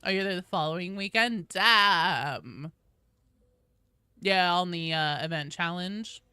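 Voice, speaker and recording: A woman game streamer chatting casually and excitedly on a live stream, greeting viewers by name as she plays. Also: fairly low pitch, slow, clear, resonant tone, dry recording.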